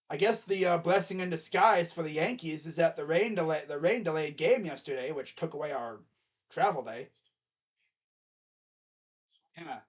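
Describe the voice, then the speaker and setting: Brief: high-voiced male fan streaming live baseball reaction, rambling and excitable. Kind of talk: casual live play-by-play reaction.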